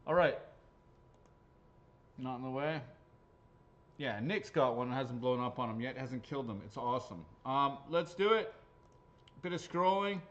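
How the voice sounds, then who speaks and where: A man's voice: medium pitch, expressive, a little slow, long pauses, a bit bright, muffled recording. A man hosting live raffle draws, chatting casually and joking, swearing freely as he goes. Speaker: raffle host. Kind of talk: live-stream raffle draw chat.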